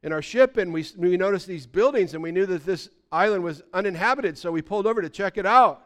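A preacher voicing a plain-spoken Coast Guard sailor. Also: male voice, high voice, fast talker, fairly bright tone, pitched above the performer's own voice. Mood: explaining. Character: matter-of-fact male Coast Guard sailor.

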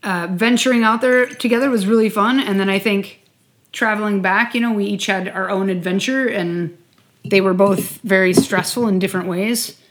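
A woman's voice: medium pitch, steady tone, normal speed. A woman in casual conversation over a glass of wine, talking in a loose, rambling way. She peppers her speech with "like" and the odd swear word, and keeps the tone easygoing. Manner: chatty, heavy use of "like", swears casually. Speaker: podcast co-host.

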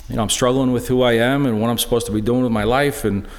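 A middle-aged man giving a personal testimony talk in a church, halting and earnest, full of restarts. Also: medium pitch, steady tone. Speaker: lay speaker sharing a personal witness. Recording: echoey church hall.

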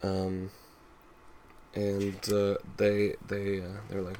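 A man co-hosting a podcast, casually recapping a comic with halting fillers and dry humor. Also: low-pitched, completely flat delivery, dark tone, slight background noise. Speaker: podcast co-host.

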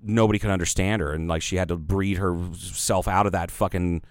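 A man's voice: deep voice, steady tone, brisk, no echo. A man co-hosting a podcast in casual chat, rambling with lots of fillers and swearing. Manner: rambling, profane, heavy filler words. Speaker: podcast co-host.

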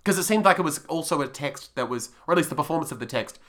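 A man's voice: a little high, expressive, quick pace, fairly bright tone. A man co-hosting a podcast in casual, rambling, playful chat. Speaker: podcast co-host.

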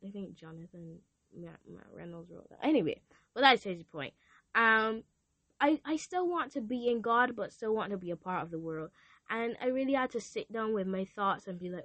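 A woman's voice: medium pitch, dry recording, muffled recording. A teenage girl hosting a podcast, speaking earnestly and confessionally in a casual talk about faith. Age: teens. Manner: earnest, confessional, animated quoting. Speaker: podcast host.

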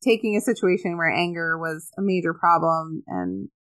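A woman's voice: lowish voice, big pitch swings. A woman in her thirties hosting a podcast, agreeing with her guest and building on her points. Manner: warm, affirming, quick to agree. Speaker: podcast host. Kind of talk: casual podcast chat.

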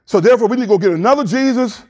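A man's voice: very high-pitched, very fast. A male pastor, preaching a passionate sermon in a church, hollering with plain colloquial speech.

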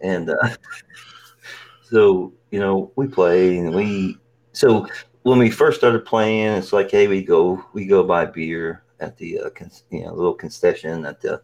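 Very deep-voiced, joking male podcast host. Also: a little slow, darkish tone, dull audio. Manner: joking, teasing storyteller who laughs a lot. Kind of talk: casual chat.

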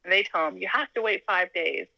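A woman from Alaska tells her own story in a relaxed, chatty way, often laughing and acting out the lines of the people in it. Her voice is fairly low for a woman but bright and forceful, and the recording is dry and close. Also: a little fast, vocal fry, dry recording, poor audio. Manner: animated, laughs often, acts out quoted dialogue. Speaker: interview guest. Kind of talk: casual storytelling.

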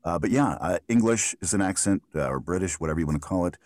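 A middle-aged American man with a remarkably low, booming bass voice, answering interview questions in a relaxed, wandering way. He often restarts his sentences and fills pauses with "um" and "uh." The sound is close and completely dry. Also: no room sound. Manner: thoughtful, rambling answers with frequent restarts and fillers. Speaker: voiceover artist guest.

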